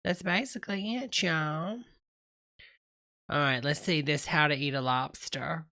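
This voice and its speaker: A woman's voice: deep voice, unhurried, very noisy. A woman hosting a live stream, chatting casually to her viewers and reacting to clips. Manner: chatty, Southern-style "y'all" and "honey" asides. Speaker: livestream host.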